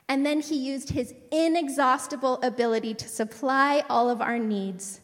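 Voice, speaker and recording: A woman telling a personal faith testimony from a church stage, chatty and prone to side stories. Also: a little high. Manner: chatty, digressive, warm storytelling with asides. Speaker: church speaker sharing a testimony. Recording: long reverb of a large hall.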